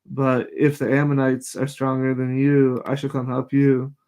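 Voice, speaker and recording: A man of middle pitch reads scripture aloud at a live show. He stumbles over names, restarts phrases and breaks in with frank, irritated asides before going back to the text. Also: monotone, mellow. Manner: reads passages aloud haltingly, stops to comment. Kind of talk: casual Bible reading and commentary.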